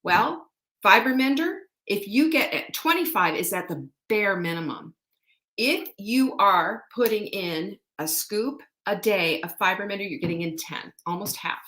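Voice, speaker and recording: A woman pitching products on a live stream, her bright, forceful voice swooping up and down as she chats folksily with viewers. The sound is echoey, as if she is in a roomy space. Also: a little slow. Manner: animated, folksy and chatty, addresses viewers directly. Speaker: host selling products.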